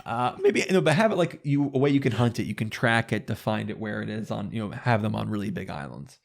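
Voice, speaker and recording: A man's voice: on the low side, animated, quick pace, vocal fry. A man chatting casually as a guest on a gaming podcast, rambling and restarting his sentences with enthusiasm.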